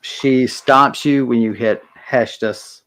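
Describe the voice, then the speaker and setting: A man's voice: mid-range voice, steady tone, slow pace, fairly bright tone. A man narrating a tabletop role-playing game as game master, chatty and hesitant.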